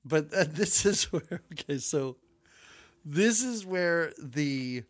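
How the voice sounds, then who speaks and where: A man co-hosting a podcast, chatting casually about a film with lively, jokey asides. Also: a little high. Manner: animated, jokey, quick asides. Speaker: podcast co-host. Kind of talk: casual movie recap chat.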